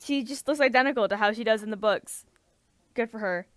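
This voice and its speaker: Brief: young woman, casual co-host, slightly high voice, dry close recording, rambling enthusiasm. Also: brisk, no room sound. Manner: rambling, filler-heavy, enthusiastic. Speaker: podcast co-host. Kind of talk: casual chat.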